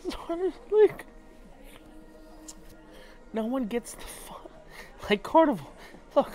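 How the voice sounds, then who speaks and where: A man's voice: extremely high pitch, big pitch swings, slow, pauses often, dark tone, soft background music. A drunk man vlogging aboard a cruise ship, rambling emotionally and swearing often. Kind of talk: casual vlog monologue.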